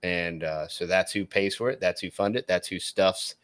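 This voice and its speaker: Brief: middle-aged Texan man, Texan accent, folksy podcast co-host, deeper voice, dry close sound. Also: normal speed, fairly bright tone, no room sound. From Texas. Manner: rambling, folksy, lots of fillers. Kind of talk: casual podcast chat.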